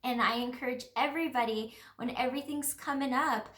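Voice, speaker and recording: A woman's voice: sits high, fairly even intonation, a little fast, a bit bright. A woman talking through a casual, reflective monologue as a spiritual healer, in an earnest, rambling way full of fillers. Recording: roomy echo.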